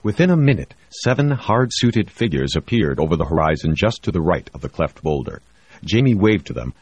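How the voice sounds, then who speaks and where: Very deep, husky male narrator. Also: a little mellow, no echo. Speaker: audiobook narrator. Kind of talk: scripted narration.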